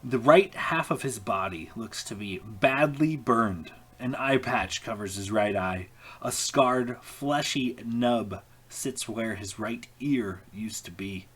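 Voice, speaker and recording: A halting man narrating as game master. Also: lowish voice, a bit bright, slightly rough. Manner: halting, many fillers and restarts. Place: home, online call.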